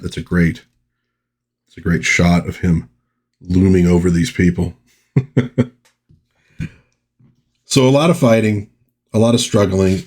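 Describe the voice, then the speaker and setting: An American man with a low, darkish, husky voice casually reviews a comic book. He rambles chattily, slipping in wry little asides along the way.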